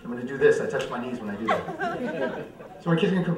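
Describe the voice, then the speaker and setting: A young man performing live stand-up comedy, self-mocking and animated. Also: mid-range voice, racing, long pauses, a crowd in the background. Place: church coffeehouse stage. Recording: roomy hall, mic far off.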